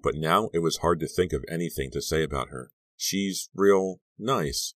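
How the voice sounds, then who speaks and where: Very deep-voiced male audiobook narrator. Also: quick pace, a bit bright, no echo. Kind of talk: scripted narration.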